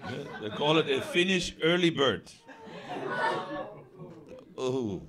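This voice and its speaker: German man doing lively stand-up. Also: medium pitch, slow pace. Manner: laughs through lines, chats with the crowd. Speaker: stand-up comedian. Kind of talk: stand-up comedy set. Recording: live club recording with loud noise. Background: loud crowd laughter and noise.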